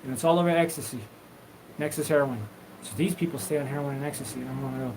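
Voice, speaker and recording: A man's voice: mid-range voice, fairly even intonation, fast talker, a little mellow, slight background noise, poor audio. A man hosting a live stream, talking in a loose, rambling, profane stream of consciousness. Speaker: livestream host.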